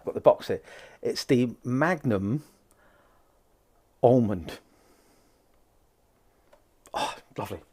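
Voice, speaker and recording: A man's voice: mid-range voice, expressive, takes it slowly, long pauses, a little mellow, husky. A man hosting a live psychic stream, greeting viewers by name and chatting casually between asides.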